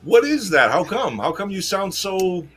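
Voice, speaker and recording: A man's voice: sits high, very animated, unhurried. A man hosting a casual chat, agreeable and teasing his guests.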